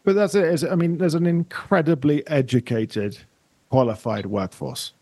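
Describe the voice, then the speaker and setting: Guy hosting a podcast, fairly high voice, dry close sound. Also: moderate pace, dry recording. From England. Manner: warmly encouraging, full of restarts. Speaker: podcast host. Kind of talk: casual interview.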